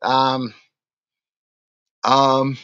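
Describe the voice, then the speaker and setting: A man's voice: medium pitch, completely flat delivery, extremely slow, bright, forceful tone, smooth, dull audio. A drunk man with an Australian accent, rambling and ranting in a crude, swearing monologue for his vlog. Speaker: vlogger.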